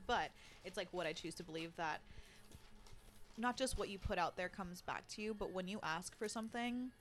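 Low-voiced woman hosting a podcast. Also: fairly bright tone. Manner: supportive, reacts with short exclamations. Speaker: podcast host. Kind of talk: casual chat.

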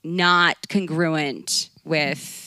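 A woman's voice: low-pitched, extremely slow, clean tone, no echo, clean studio sound. A woman comedian co-hosting a podcast, telling stories casually with lots of swearing and laughter. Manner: profane, laughing, lively storytelling.

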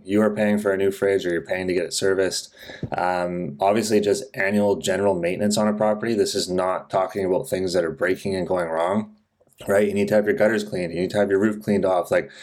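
A man's voice: low-pitched, darkish tone. A man from Canada co-hosting a podcast, blunt and down to earth, often adding "like" and "right?". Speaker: podcast co-host. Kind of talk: casual podcast talk.

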